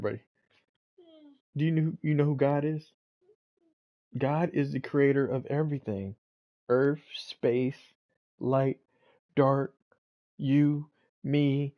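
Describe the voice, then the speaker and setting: Man gaming streamer, casual commentary, patient fatherly asides, mid pitch, muffled stream audio. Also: fairly even intonation, slow pace, pauses often. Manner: talks gently to his child off-mic.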